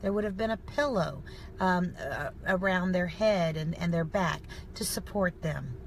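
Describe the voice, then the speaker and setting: A woman teaching a devotional Bible study, explaining calmly with the occasional filler. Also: on the low side, unhurried, slight background noise, poor audio.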